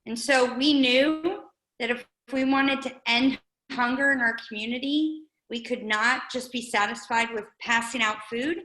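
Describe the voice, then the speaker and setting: A woman's voice: a little high, measured pace, bright, forceful tone, roomy sound, poor audio. A woman giving an earnest, conversational update as a guest speaker at a community meeting. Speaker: guest speaker, nonprofit director. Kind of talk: informal update talk at a meeting.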